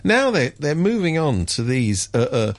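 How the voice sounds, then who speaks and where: Brief: sardonic male radio commentator, gravelly, lively pitch, dry studio sound. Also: a little slow, dry recording. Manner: wry, sardonic, mimics others with sudden high pitch jumps. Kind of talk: casual radio chat.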